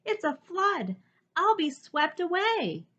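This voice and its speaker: A woman voicing a gentle, kind-hearted young male bullfrog who frets easily, in a storybook read-aloud. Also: lively intonation, a little slow, full character voice. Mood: panicked. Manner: fretful and high-pitched when alarmed. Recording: slightly dull lo-fi recording.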